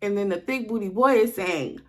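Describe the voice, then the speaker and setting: A woman's voice: medium pitch, fairly quick. A young woman vlogger telling a personal story in a casual, blunt way, talking straight to her viewers. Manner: animated, blunt, addresses viewers directly.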